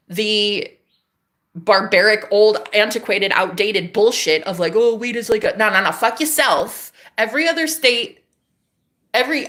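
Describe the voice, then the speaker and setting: A young woman ranting emphatically to her viewers about spirituality, preachy and swearing a lot, with fast bursts and big swings in pitch. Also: sharp tone. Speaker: spiritual vlogger. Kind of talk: casual spiritual rant to viewers.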